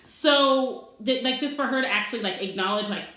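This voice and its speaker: A woman's voice: fairly high pitch, brisk, pushed and bright. A woman co-hosting a casual chat show, brash and sassy, swearing freely. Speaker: co-host. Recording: echoey room.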